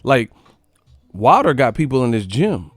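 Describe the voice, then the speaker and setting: Brief: male boxing stream host, loose slangy riffing to chat, average pitch, dry sound. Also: very animated, measured pace, dry recording. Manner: slangy, rambling, talks straight to chat; laughs often. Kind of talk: casual live-stream commentary.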